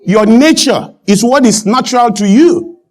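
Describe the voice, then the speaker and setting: A Nigerian man, a guest on a talk show, arguing with fervour, repeating his points and building up to shouted emphasis. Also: very high voice, animated, a little slow. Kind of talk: impassioned studio interview.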